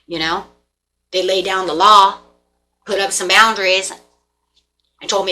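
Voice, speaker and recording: A woman giving a casual tarot reading, animated and repetitive, acting out the people in the cards. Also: medium pitch, a little slow. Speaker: tarot reader.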